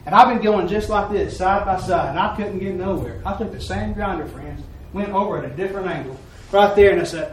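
A man's voice: high voice, fairly quick, a little hiss or hum. A man giving a folksy sermon testimony at a church service, telling a story and acting out the quoted dialogue. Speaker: lay preacher. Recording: echoey room, mic far off.

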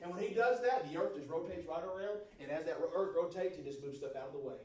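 A man preaching a sermon to a congregation, moving from quiet, steady talk to loud, fervent shouting. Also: on the high side, quick pace, far from the mic. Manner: builds from soft to shouting fervor. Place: church service. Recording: roomy church sound from off-mic. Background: congregation responses.

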